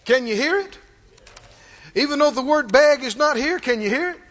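A man's voice: very high-pitched, animated, normal speed, a bit bright. A man preaching a sermon with emphatic delivery, reading scripture and acting out quoted voices. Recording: muffled hall recording.

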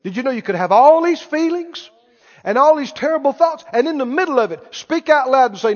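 Man, preacher, very high voice, lively delivery, emphatic sermon, dull sound in a reverberant hall. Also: brisk. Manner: emphatic, repeats and quotes imagined speakers.

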